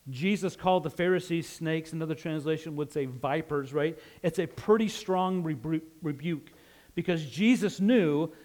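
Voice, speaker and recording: Male preacher from Utah, light Western drawl, higher-pitched, relaxed conversational sermon delivery. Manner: conversational, asks "right?" often, laughs easily.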